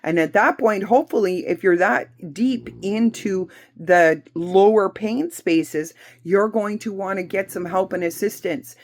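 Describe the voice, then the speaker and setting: A woman's voice: medium pitch, a little slow, hardly any pauses. A woman teaching spiritual healing in a blunt, emphatic, repetitive way, with occasional swearing. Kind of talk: spiritual self-help talk.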